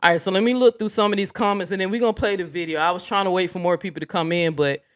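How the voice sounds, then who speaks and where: A woman's voice: fairly low pitch, very fast. A woman hosting a livestream, talking bluntly and profanely straight to her viewers and reading out chat comments. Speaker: livestream host.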